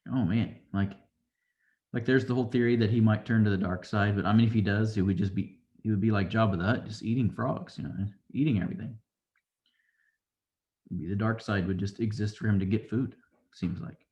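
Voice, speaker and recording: A man's voice: fairly low pitch, a little fast, a little mellow, dull audio. A man casually recapping a show episode, rambling along and acting out quotes from the characters. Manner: rambling, loose retelling with acted-out quotes. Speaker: show reviewer.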